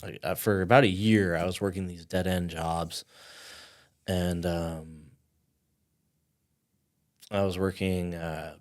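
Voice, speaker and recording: Deep-voiced guy in his 30s on a podcast, lots of uh and like, trails off quiet. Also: fairly even intonation, slow, pauses often. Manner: loose, filler-heavy, often drops to a near-whisper. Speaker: podcast guest. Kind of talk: storytelling in casual chat.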